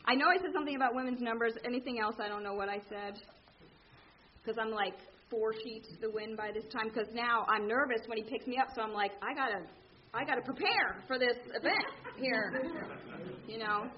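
A woman telling her recovery story to a meeting, candid and animated, acting out the people in it. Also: on the high side, fairly quick, highs cut off, a little hiss or hum. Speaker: speaker sharing at a recovery meeting. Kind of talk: personal story told to a meeting.

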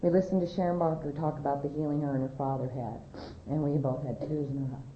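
A woman in her forties sharing her personal testimony to a large audience, candid and emotional, laughing often and going high when excited. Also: quick pace. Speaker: speaker sharing her story at a recovery convention. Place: large convention hall. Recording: echoey hall, dull lo-fi sound, faint noise.

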